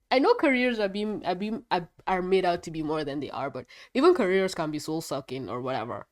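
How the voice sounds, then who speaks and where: A woman with a somewhat low, stuffed-up, congested voice talks through a casual video review. She rambles, backtracks and laughs easily, a little scattered as she goes. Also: animated. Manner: rambling, chatty, quick to laugh; a bit foggy and scattered. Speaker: show reviewer.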